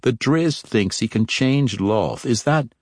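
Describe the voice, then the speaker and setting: A man narrating a fantasy story, voicing a sly, probing male dark elf rogue in his own low voice. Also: expressive, slow pace, no room sound, clean studio sound. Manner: probing, slyly teasing.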